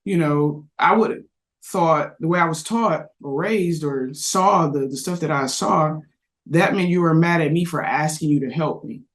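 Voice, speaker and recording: A man's voice: on the high side, moderate pace. A man on a parenting discussion panel, telling a reflective anecdote with frequent restarts. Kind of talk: casual discussion.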